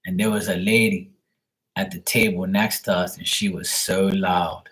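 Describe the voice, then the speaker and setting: A man chats casually on a live stream, spinning loose anecdotes full of swearing and laughing at his own punchlines. His voice sits a little low and has a husky, breathy edge. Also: little pitch movement, normal speed, fairly bright tone, rough recording. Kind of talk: casual storytelling chat.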